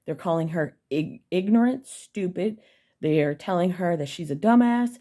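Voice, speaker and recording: A woman's voice: on the low side, animated, normal speed, mellow. A young woman telling an angry personal story to her viewers, blunt, heated and full of swearing. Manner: blunt, profane and heated, addressing viewers directly. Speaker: vlogger.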